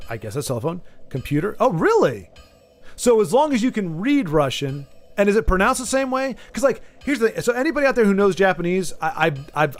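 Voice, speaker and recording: A man with a fairly high-pitched voice chats casually as he plays a game, wandering from point to point as he thinks aloud. Faint game music runs underneath. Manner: rambling, thinks aloud with many asides. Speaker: gaming video host. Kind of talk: casual chat while playing a game.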